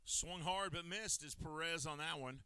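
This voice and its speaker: A male play-by-play announcer calls a baseball game pitch by pitch in a steady, measured way. His voice is bright and forceful, slightly higher than most men's, with a crisp, smooth clarity and a dry, close sound. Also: no room sound. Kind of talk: live baseball commentary.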